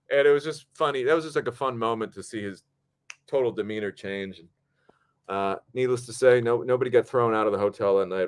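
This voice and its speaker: Animated man telling a story. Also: mid-range voice. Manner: animated, acts out quotes, swears freely. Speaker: podcast host. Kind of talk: casual storytelling.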